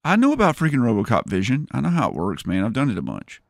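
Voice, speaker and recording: A man's voice: mid-range voice, huge pitch swings, fast, gravelly, no room sound, studio quality. A man streaming a video game, chatting casually and joking with his viewers, laughing often. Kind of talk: casual live-stream chat.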